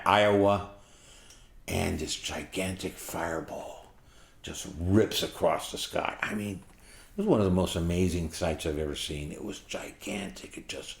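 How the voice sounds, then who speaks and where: A man's voice: low voice, echoey room. A man in his sixties telling a story from his own life in a vivid, rambling, profane way. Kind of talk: first-person storytelling.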